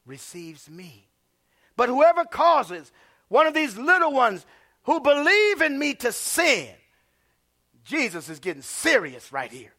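A man preaching a sermon as pastor. He swings from hushed asides to shouted lines and calls out to the congregation. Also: sits high.

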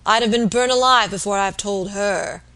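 A woman reading aloud as a dying, rough-spoken working man, bitter and feverish, with coarse rural speech. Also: mid-range voice, normal speed, a bit bright, natural voice.

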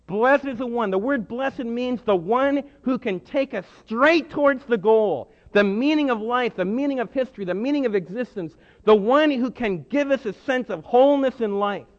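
A man preaching a sermon with emphatic delivery, swinging between hushed and loud. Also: very high-pitched, lively intonation, normal speed, few pauses. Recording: muffled sound with long hall reverb.

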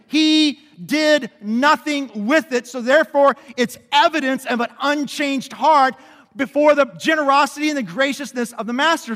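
A man with a strikingly high, bright voice preaches in a sanctuary with a long reverb trailing his words. He is animated, swinging from hushed emphasis to near shouts. He keeps asking the congregation questions and waits for them to answer. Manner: asks the congregation questions and calls for responses. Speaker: pastor. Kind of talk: sermon.

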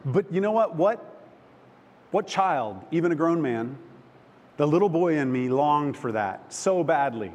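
A man preaching a sermon, telling a personal story with emotion, halting and restarting often. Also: a little high, animated, darkish tone, muffled recording. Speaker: pastor. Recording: long hall reverb, faint background noise.

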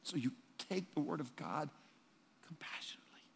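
A male pastor preaching a sermon in a conversational, emphatic way, swinging between loud and hushed. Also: a little high, animated, fairly quick, slight background noise. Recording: long reverb in a large hall.

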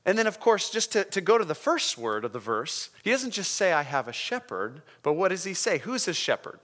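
A man preaching a sermon in a conversational, emphatic way, often slowing down to stress key words. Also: high-pitched, very animated, a bit bright. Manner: conversational, emphatic, checks in with the congregation. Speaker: pastor.

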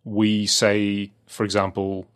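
A man's voice: lowish voice, completely flat delivery, takes it slowly, fairly bright tone, clean tone. A man with an Australian accent, chatting casually as a podcast co-host, rambling with lots of fillers and restarts. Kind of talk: casual chat.

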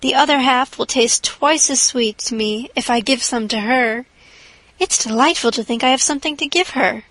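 A chattering young orphan girl with a dreamy, gushing way of talking, read by a woman. The voice sits a touch high and sounds close and dry. It is an audiobook character voice. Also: moderate pace, a bit bright, no echo, poor audio. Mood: eager.

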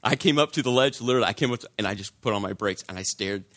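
A man's voice: fairly low pitch, very fast, a bit bright. A man preaching a sermon, telling a personal story in a conversational way and repeating phrases for emphasis.

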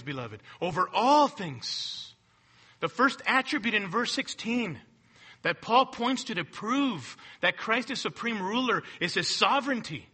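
A man's voice: high voice, pushed and bright, husky. A man preaching a sermon with emphatic delivery, asking rhetorical questions and repeating key phrases. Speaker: pastor.

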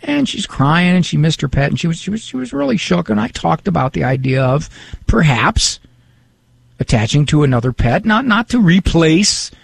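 Gravelly, animated radio talk host. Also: male voice, on the high side, normal speed, no room sound. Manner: chatty, self-deprecating, reads listener emails aloud. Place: radio studio.

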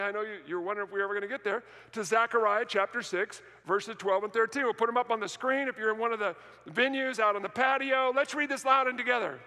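A man preaching a sermon as pastor, animated and jokey, calling on the congregation to answer back. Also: high-pitched. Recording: reverberant hall sound.

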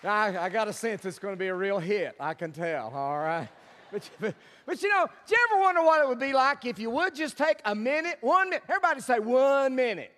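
A man's voice: very high voice, big pitch swings, quick pace, pushed and bright. A man preaching a sermon as a guest speaker, folksy and humorous, getting the congregation to repeat his words back to him. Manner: folksy and humorous, leads the congregation in call and response. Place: church sanctuary. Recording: long church hall reverb.

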